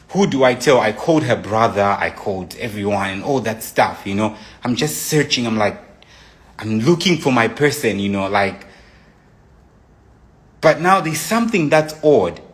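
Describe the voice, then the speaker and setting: A young man giving an emotional personal account, animated, acting out his own messages as he retells them. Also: mid-range voice. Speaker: storyteller.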